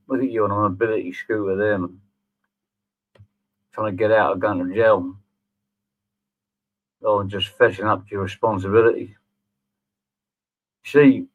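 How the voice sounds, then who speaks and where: Sneering man, slow and tinny. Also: lowish voice. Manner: sneering, sarcastic, swears freely. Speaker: channel host. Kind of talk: mocking response video. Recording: tinny phone-like audio.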